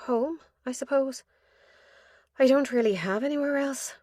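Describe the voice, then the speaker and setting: A fragile young woman worn down by grief, tearful and hesitant, as a woman narrator puts her on. Her voice sits higher and softer than the narration. The recording is close and dry, like a studio audiobook. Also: a little slow, dry recording. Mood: grieving.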